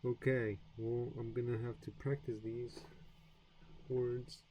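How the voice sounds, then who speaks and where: Guy reading a language book out loud on camera, slow and stumbly, pokes fun at himself. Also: mid-range voice, flat delivery, slight background noise, poor audio. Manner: self-deprecating, stumbling through attempts, laughs at himself. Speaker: language learner vlogger. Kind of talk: reading a textbook aloud and chatting. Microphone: camera mic.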